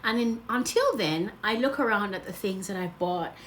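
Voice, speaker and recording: A travel vlogger chats on a casual livestream in an expressive, mid-range voice at a moderate pace, with slight background noise. She gushes and rambles, losing her train of thought, laughing often and sounding close to tears.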